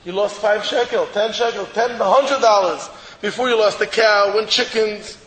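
A man, a rabbi, giving an animated storytelling sermon and repeating phrases for emphasis. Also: sits high, normal speed. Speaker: rabbi giving a Torah talk. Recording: echoey hall with long reverb.

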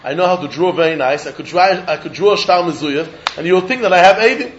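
A man teaching a Talmud lesson in an animated, sing-song study cadence, often laughing as he argues. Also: high voice, quick pace, highs cut off, a little hiss or hum.

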